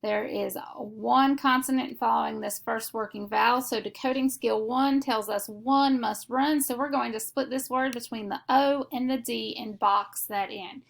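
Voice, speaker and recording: A woman teaching a phonics lesson, explaining each step slowly and methodically. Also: on the high side, fairly even intonation, vocal fry. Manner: slow, deliberate, methodical explanation.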